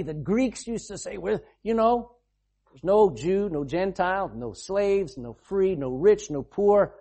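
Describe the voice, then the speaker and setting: A male preacher delivers a sermon in a lively, conversational manner, talking straight to his listeners. His voice is husky and mellow. His pitch swings widely as he speaks. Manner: animated, conversational preaching with asides and laughs.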